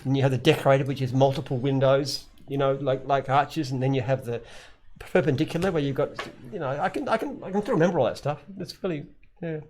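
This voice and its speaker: A man's voice: mid-range voice, quick pace, a little mellow, a little hiss or hum. An Australian man, a company founder, answering questions in a casual live chat, plainspoken and rambling with frequent restarts.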